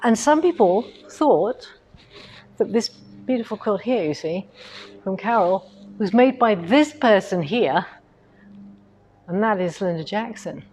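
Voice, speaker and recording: A woman's voice: medium pitch, expressive, a little slow, long pauses, darkish tone, a little hiss or hum. A middle-aged woman chatting casually on a livestream from a quilting showroom, rambling with asides as she moves the camera on its tripod. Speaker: host of a quilting shop livestream. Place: quilting machine showroom, indoors.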